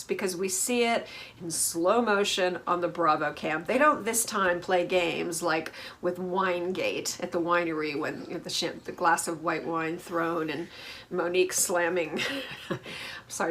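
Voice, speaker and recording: A woman's voice: lowish voice, fairly bright tone, a little hiss or hum. Snarky woman gossiping through a TV recap. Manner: snarky, gossipy, laughs at the drama. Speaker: reality TV recap host. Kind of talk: casual recap commentary.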